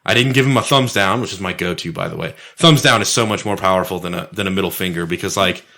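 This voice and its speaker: A man co-hosting a podcast, telling a story in a casual, profane, animated way. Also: low-pitched, fast talker, gravelly. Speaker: podcast co-host.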